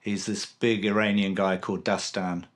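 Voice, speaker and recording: A man's voice: lowish voice, flat delivery, normal speed. A man in his forties hosting a casual interview, telling a personal story in an earnest, reflective way. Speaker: podcast host.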